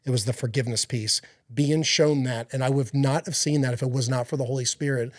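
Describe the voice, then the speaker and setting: A man's voice: mid-range voice, steady tone, a little fast, dry recording, studio quality. A man speaking as a podcast guest, giving an earnest, rambling personal faith testimony with many fillers and restarts.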